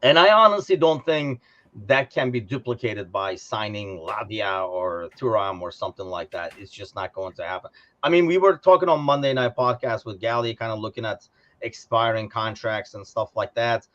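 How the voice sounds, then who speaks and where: A man co-hosting a podcast, chatting casually about football in a rambling, animated way and laughing often. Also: on the low side, normal speed, muffled recording. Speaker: podcast co-host.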